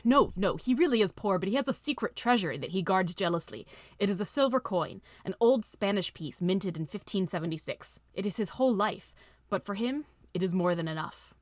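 A woman voicing a haughty, wealthy male landowner who speaks in a booming, amused, condescending way. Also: lively intonation, a little fast, no echo, natural voice.

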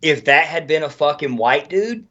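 Man ranting on a podcast, lively swooping voice, swears a lot, dull lo-fi sound. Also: a little high, normal speed. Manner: animated, profane ranting. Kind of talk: casual chat.

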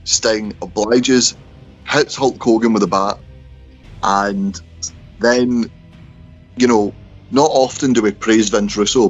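A man's voice: on the low side, steady tone, slow, pauses often, husky, faint music behind. A man, co-hosting a casual podcast chat and going through old events at an easy pace. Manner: laid-back, chatty, swears. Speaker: podcast co-host. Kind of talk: casual chat about wrestling history. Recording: slightly dull lo-fi audio.

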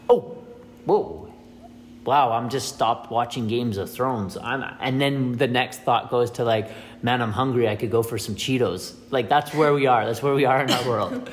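A man's voice: medium pitch, a little hiss or hum. A man in a casual, rambling monologue who repeats his words as he goes and acts out small scenes.

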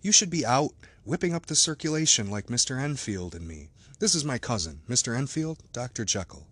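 A man's voice: medium pitch, sing-song, brisk, fairly bright tone, slightly rough, dry recording, voice pushed up. A man doing an anxious, hearty lawyer. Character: anxious kindly middle-aged male lawyer.

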